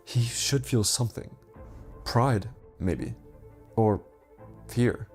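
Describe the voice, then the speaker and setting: A man's voice: mid-range voice, slow pace, a little mellow, faint music behind. A man reading a scripted story in a dramatic narrating manner.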